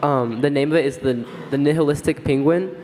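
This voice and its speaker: A man's voice: fairly high pitch, fairly quick, a little mellow, faint music behind. A young male guest on stage, explaining a topic hesitantly, with ums and restarts. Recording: hall reverb with faint noise.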